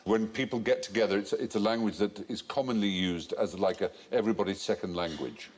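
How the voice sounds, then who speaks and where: A man's voice: on the low side, a little fast. A man hosting a comedy quiz panel show, explaining answers in an articulate, amused way before a studio audience. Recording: studio audience laughter and noise. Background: audience laughter.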